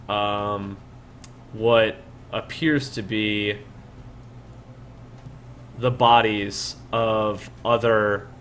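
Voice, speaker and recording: A man's voice: lowish voice, a bit bright, slight background noise. A man narrating as dungeon master, rambling with many fillers and restarts. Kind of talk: narrating a tabletop game.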